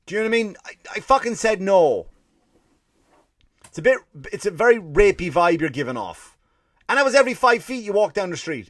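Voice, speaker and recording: A man's voice: high-pitched, very animated, a little fast, a bit bright, no echo, clean studio sound. An Irish man hosting a comedy podcast, telling a profane, ranting story and mimicking people in put-on voices. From Ireland. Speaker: podcast host. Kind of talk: comedic monologue.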